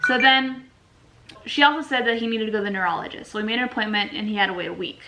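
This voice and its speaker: Young woman vlogger, bright clear voice, lively storyteller who acts out quotes. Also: a little high, fast, rough recording. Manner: animated, chatty, acts out quotes. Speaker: vlogger telling a story with her partner. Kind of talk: casual storytime chat.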